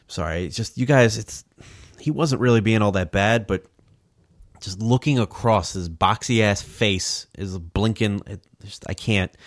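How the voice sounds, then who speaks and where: Man, casual comedy podcast host; lowish voice, dead-dry booth sound, lively and swearing. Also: dry recording. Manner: animated, swearing, mock-outraged.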